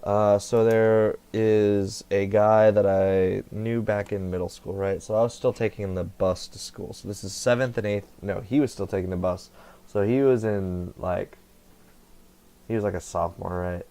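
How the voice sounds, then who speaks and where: A young man talks loosely to his camera, drifting between thoughts, swearing freely and catching his own slips. His voice sits low and crackles with vocal fry. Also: steady tone, moderate pace, mellow. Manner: meandering, profane, self-correcting. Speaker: vlogger. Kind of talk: casual rambling monologue. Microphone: computer headset setup.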